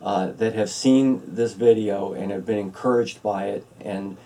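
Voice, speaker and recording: A man's voice: on the low side, fairly even intonation, unhurried, creaky, dark tone, recorded from a distance. A man preaching a sermon as pastor, telling a story earnestly with some ums and uhs, filmed for an online church video.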